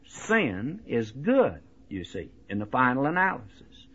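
A man's voice: mid-range voice, wildly swooping pitch, unhurried, a bit bright, husky, lo-fi sound. A man teaching the Bible in sermon style, emphatic and folksy, often turning to the listener with "you see" and "my friend.".

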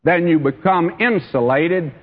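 A man's voice: fairly high pitch, unhurried. A man preaching a sermon in a church, earnest and speaking straight to his listeners. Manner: earnest, addresses listeners directly as friend and beloved. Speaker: pastor. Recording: dull, echoey church hall recording.

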